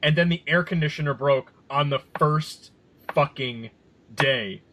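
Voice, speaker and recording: A man in his thirties with a fairly high voice co-hosts a laid-back podcast. He tells stories with gusto, swears freely and jumps into the voices of the people in them. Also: measured pace, slight background noise. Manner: animated storyteller, swears, acts out quotes. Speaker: podcast co-host. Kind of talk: casual podcast banter.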